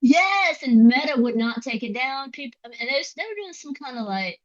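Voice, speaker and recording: Chatty higher-voiced woman, lo-fi sound. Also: big pitch swings. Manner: chatty, quick storyteller, drops to soft asides. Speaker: podcast guest. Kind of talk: casual interview chat.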